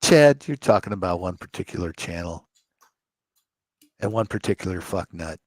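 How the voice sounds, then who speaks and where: Co-host, man, lively up-and-down voice, wry teasing, dry close sound. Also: low-pitched, normal speed, no room sound. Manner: wry, teasing, reading off items. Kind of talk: casual livestream chat.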